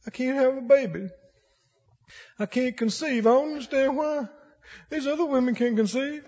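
A male preacher voicing a grieving woman who laments quietly. The recording is dull, with long church reverb. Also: very high-pitched, moderate pace. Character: grieving childless woman Hannah.

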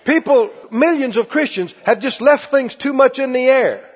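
A male preacher delivering a call-and-response sermon, with folksy phrasing and shouts on key lines. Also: very high-pitched, normal speed, breathy edge. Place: church sanctuary. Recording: lo-fi hall recording. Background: congregation responding.

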